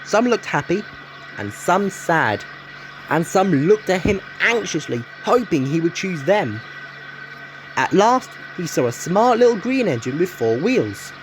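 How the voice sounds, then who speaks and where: A man reads a children's storybook aloud with an expressive delivery. His voice sits slightly high for a man and moves a lot in pitch. A steady hiss of noise runs under the recording. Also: measured pace. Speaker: narrator. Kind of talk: storybook narration. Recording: noisy home recording.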